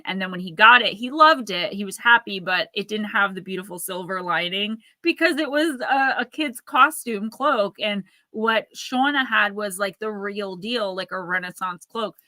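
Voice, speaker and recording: A woman's voice: medium pitch, normal speed, hardly any pauses, sharp tone, no echo. A woman in her thirties hosting a casual livestream, rambling and chatty as she reads out viewer comments. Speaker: livestream host.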